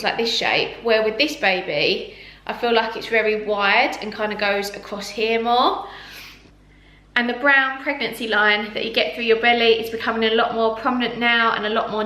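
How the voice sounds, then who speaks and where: A woman's voice: fairly high pitch, pushed and bright. A young woman, talking casually in a pregnancy vlog, chatty and full of "like" and "um" fillers. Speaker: vlogger. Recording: echoey room.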